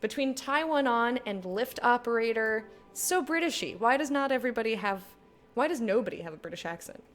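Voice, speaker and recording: A woman's voice: fairly high pitch, lively intonation, fairly quick, faint music behind. A woman in her thirties chatting casually as she plays a game, laughing often and reading lines aloud. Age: 30s. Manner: chatty, giggly, reads game text aloud. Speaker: gaming streamer. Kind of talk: casual let's play commentary.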